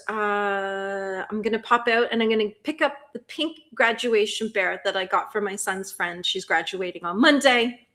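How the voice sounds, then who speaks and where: Chatty bright-voiced woman streamer. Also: mid-range voice. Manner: chatty, rambling, reads chat aloud. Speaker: livestream host. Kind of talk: casual chat closing a stream.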